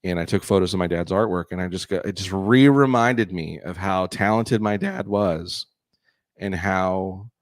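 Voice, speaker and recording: A man's voice: sits low, moderate pace, dry recording. A man from California co-hosting a podcast in casual chat, rambling and self-correcting, with a slight crackle in his voice. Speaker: podcast co-host and artist.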